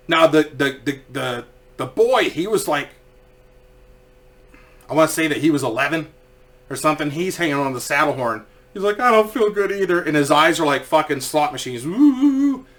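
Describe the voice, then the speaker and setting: A man casually telling a story, swearing freely and acting out what people said. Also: a little high. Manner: profane, animated, acts out quoted voices.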